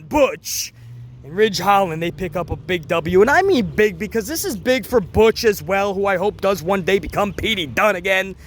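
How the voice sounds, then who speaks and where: A man giving a casual, excitable review of a wrestling event, rambling and swearing as he goes. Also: high-pitched, a little hiss or hum. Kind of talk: casual commentary.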